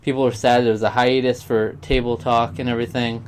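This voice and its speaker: A man's voice: medium pitch, flat delivery, a little fast, a little hiss or hum. Rambling young man vlogging. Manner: rambling, sidetracked, heartfelt. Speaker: YouTuber. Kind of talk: casual vlog monologue.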